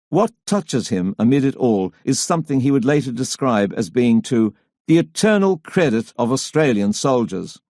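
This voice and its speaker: A man reading a history audiobook aloud as its narrator, in a measured, dramatic way that lifts for quoted voices. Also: medium pitch, darkish tone, no room sound, studio quality. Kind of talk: scripted narration.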